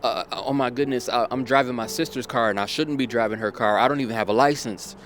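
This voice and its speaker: A man's voice: medium pitch, fast talker, a bit bright, slight background noise, close to an everyday voice. A man voicing a frantic, apologetic teenage girl who has just had a car accident, talking in a panicked rush.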